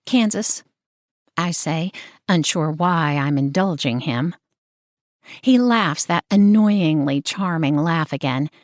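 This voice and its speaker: A woman's voice: low voice, takes it slowly, no room sound. Woman narrating a romance audiobook.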